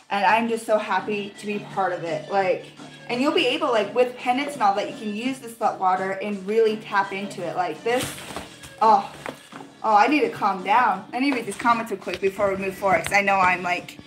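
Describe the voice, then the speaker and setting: A young adult woman vlogger chatting casually through an unboxing, gushing and excitable, with lots of 'like' fillers. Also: mid-range voice. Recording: roomy echo with faint music.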